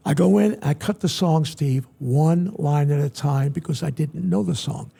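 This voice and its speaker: An older man telling stories as an interview guest, lively and quick to act out other people's lines, with a raspy voice. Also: a little high. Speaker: guest entertainer. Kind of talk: animated storytelling interview. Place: event venue interview set.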